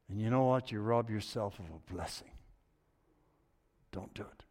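A man, older, preaching a sermon with a personal story, dropping to low murmurs and rising to loud excited bursts. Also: moderate pace, pauses often. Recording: long reverb of a hall.

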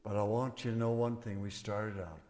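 A man's voice: fairly low pitch, fairly even intonation, a little fast, a little mellow. An older man preaching as a pastor, folksy and emphatic, with a closing blessing. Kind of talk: sermon. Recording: long hall reverb.

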